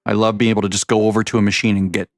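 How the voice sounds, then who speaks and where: Man, gravelly voice, chatty game commentary, rambling, dry close sound. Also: on the low side, flat delivery, racing, no echo, faint music behind. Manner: rambling, self-correcting, chatty. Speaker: gaming vlogger.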